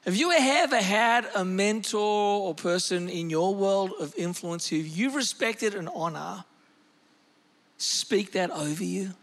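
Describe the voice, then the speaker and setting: In a large hall, a male pastor with a high voice preaches slowly through a lively, animated sermon. As he tells a story, his pace and loudness shift suddenly.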